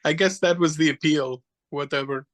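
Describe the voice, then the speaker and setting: A man from New Jersey hosting a casual podcast chat, animated and joking, laughing often. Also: fairly high pitch, normal speed. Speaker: podcast host. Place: podcast studio.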